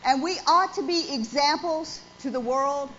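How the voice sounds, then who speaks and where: This pastor, a woman in her forties, preaches with a high, sharp-toned voice at a slightly slow pace, emphatic and throwing questions to the congregation in church. The recording has a dull, lo-fi quality with faint noise underneath.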